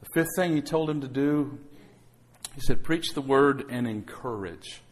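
A man's voice: mid-range voice, unhurried, slight background noise. A man pastor preaching a sermon to his congregation, calling out for amens and acting out quotes. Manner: calls for amens, acts out quotes. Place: church sanctuary.

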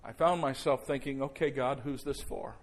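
A man preaching a sermon as pastor before a congregation, slowing right down and dropping to a near hush for emphasis, then rising loud. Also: mid-range voice. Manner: slows down and drops soft for emphasis, then rises loud. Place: church service before a congregation.

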